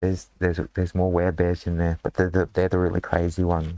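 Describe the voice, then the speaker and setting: A man's voice: sits low, monotone, brisk, mellow, dry recording. A man with an Australian accent, chatting casually and joking as he draws a dungeon map, rambling with lots of fillers. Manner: rambling, joking, thinks aloud with many fillers. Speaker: dungeon designer and show host. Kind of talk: casual chat while drawing a dungeon map.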